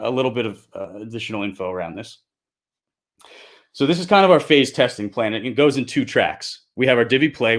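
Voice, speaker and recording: Guy hosting a livestream, earnest and kinda heated, mid pitch, lots of restarts. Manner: earnest, grows heated and insistent, many restarts. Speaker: co-founder hosting a live crypto show. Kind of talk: unscripted livestream monologue.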